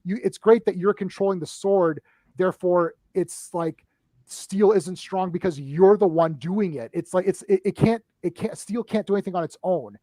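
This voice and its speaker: High-voiced man eagerly breaking down a film. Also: dry recording. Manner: animated, excited retelling of scenes; talks in quick bursts with frequent restarts and "right?" tags. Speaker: movie discussion panelist. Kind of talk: casual live-stream film chat.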